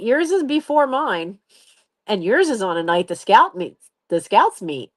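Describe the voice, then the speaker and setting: A woman in her late fifties talks to her viewers in a relaxed live stream. Her pitch sits in the middle but moves a great deal as she tells the story. She laughs often and mimics the people she quotes. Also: a little slow. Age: 50s. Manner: animated, laughs often, acts out others' voices. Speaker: channel host.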